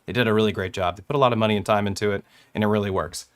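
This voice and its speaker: Speaking very fast in a clean, fairly low voice with fairly even intonation, a young producer demonstrates his gear. He walks through making a track on the hardware in a loose, rambling way, laughing softly as he fixes his slips.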